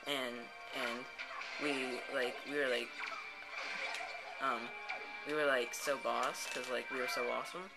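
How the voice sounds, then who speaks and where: A let's play commentator rambles through a made-up story and keeps stopping to restart sentences. The pitch sits in the middle. Video game music plays clearly in the background. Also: fairly even intonation, a little slow, long pauses, poor audio. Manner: rambling, lots of fillers.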